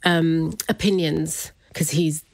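A woman telling a personal story in an interview, lively, often acting out what others said. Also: deep voice, slow pace, gravelly, no room sound. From British-raised, Punjabi family. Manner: animated storytelling, acts out quoted voices, laughs often. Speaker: interview guest.

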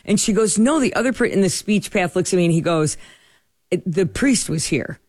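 A middle-aged woman spins a story in an animated, chatty way, slipping into the voices of the people she quotes. The sound is close and dry, with no room around her. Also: lowish voice, a little fast, no room sound. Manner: animated, acts out quoted dialogue. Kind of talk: casual storytelling chat.

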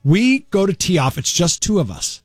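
A man's voice: sits high, normal speed, dry recording, clean studio sound, faint music behind. A man co-hosting a radio show, telling a story in casual on-air banter and acting out the people he quotes. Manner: animated storyteller, acts out quotes in exaggerated voices. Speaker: radio co-host. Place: radio studio.

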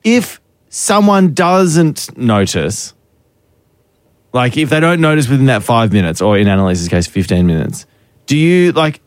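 A man co-hosting a radio show, teasing and animated in casual banter, sometimes repeating words when excited, on a studio microphone. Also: mid-range voice, measured pace, no room sound. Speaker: radio co-host.

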